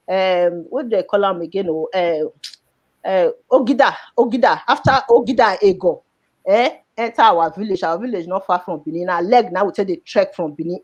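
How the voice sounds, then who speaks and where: A woman's voice: medium pitch, expressive, moderate pace, darkish tone, dull audio. A woman with a Nigerian Pidgin accent telling a personal story in an emotional, repetitive way.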